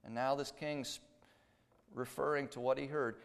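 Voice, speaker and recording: A man preaching a sermon, emphatic, swinging between loud declarations and hushed asides. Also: mid-range voice, normal speed, gravelly. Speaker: pastor. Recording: long hall reverb.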